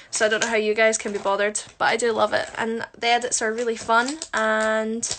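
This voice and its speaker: A woman's voice: a little high, fairly bright tone, a little hiss or hum. Chatty self-mocking woman. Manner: chatty, self-mocking, answers viewer questions while doing makeup. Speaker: musical theatre performer. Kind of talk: casual livestream chat. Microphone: phone livestream.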